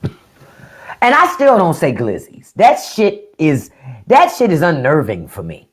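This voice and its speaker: A middle-aged woman from the Washington DC area hosts a casual livestream chat. She speaks at an unhurried pace, and her pitch rises and falls in a lively way. She drags words out as she plays with them. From DMV area (Washington DC region). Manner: chatty, drawn-out word play, frequent laughs. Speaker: livestream host.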